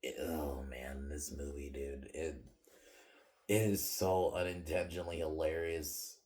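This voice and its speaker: A man hosting a podcast, giving a casual film review that is animated and full of swearing, laughter, restarts and fillers. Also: rumbling low, unhurried. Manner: animated, profane, laughing often, many restarts and "like"s.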